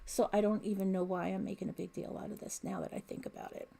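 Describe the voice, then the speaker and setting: A woman's voice: medium pitch, level tone, fast, vocal fry, mellow. A middle-aged woman hosting a crochet livestream from home, chatting casually and reading viewer comments aloud on a desk mic. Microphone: desk mic picking up room sounds.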